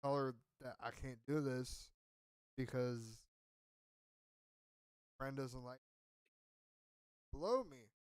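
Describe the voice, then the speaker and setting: A man's voice: mid-range voice, steady tone, takes it slowly, long pauses, a little mellow, clear, resonant tone, no echo. A man telling a story on a podcast in a rambling, profane, self-mocking way. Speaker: podcast co-host. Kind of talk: casual storytelling.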